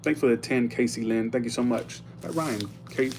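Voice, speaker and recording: A man's voice: medium pitch, steady tone, normal speed, a little mellow, a little hiss or hum. A man giving a casual live tarot reading, chatty and blunt, stopping often to thank viewers for tips. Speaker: tarot reader.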